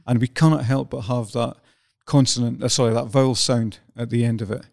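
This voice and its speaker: Older scottish guy, gravelly voice, wry and a bit pompous, podcast chat. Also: mid-range voice, steady tone, fairly quick, darkish tone, no room sound, studio quality. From Scotland. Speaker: podcast co-host. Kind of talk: casual chat.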